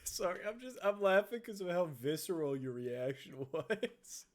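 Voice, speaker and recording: A man's voice: sits high, very animated, normal speed. A young man co-hosting a gaming stream, teasing his friend and laughing a lot. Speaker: streamer co-host. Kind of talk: casual gaming stream chat.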